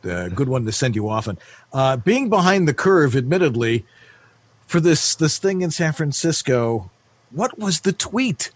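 A man's voice: fairly high pitch, big pitch swings, unhurried, no echo. A man co-hosting a podcast, reading out listener questions in a friendly, informal way. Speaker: podcast co-host.

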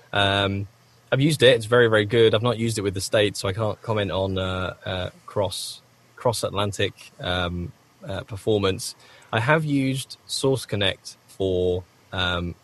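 A man's voice: lowish voice, unhurried, fairly bright tone. A man, a voice actor, answering interview questions in a rambling, self-correcting way with frequent coughs, speaking from a home recording booth. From United Kingdom. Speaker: voice actor guest.

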